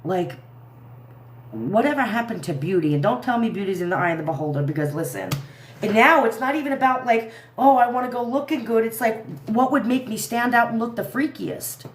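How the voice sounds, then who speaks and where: A woman's voice: medium pitch, lively intonation, fairly quick, roomy sound, slight background noise. A woman hosting a livestream who rants angrily with heavy swearing and keeps trailing off and restarting. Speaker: livestream host. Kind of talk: angry live commentary.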